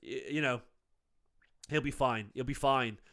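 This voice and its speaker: A man's voice: medium pitch, measured pace, fairly bright tone. A man in his late thirties hosting a fan channel, talking casually and a bit defensively as he answers chat comments. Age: 30s. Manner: chatty, defensive, says mate often. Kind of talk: casual reaction talk to live chat.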